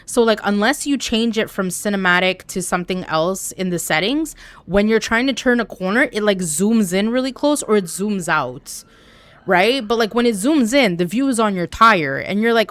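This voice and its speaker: A young woman from Canada chatting casually on a live stream while gaming, talking to her chat with an animated, swearing manner. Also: medium pitch, normal speed, dry recording. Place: home room.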